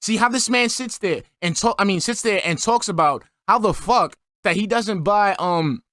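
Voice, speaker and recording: A man's voice: high-pitched, moderate pace, fairly bright tone, no room sound, clean studio sound. A man giving a profane, exasperated reaction commentary as a streamer.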